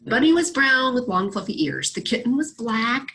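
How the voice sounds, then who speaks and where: A woman reading a children's storybook aloud, in an animated and expressive way. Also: fairly high pitch, moderate pace, slight background noise, low-quality recording. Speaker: storybook reader.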